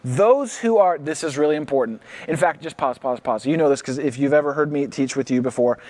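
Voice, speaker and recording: A male pastor preaching a livestreamed sermon with no congregation present, acting out worried reactions and repeating key lines slowly for emphasis. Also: on the high side, a little mellow. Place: church, livestreamed without congregation.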